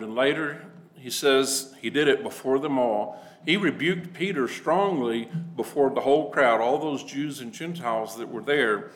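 A man's voice: medium pitch, normal speed, low-quality recording. Man teaching a plain Bible lesson. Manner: plain-spoken, acts out quoted people in passing voices.

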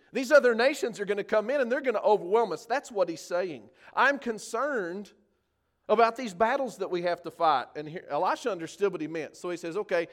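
A male preacher giving an earnest sermon on a scripture passage, building in force on key points. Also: high-pitched.

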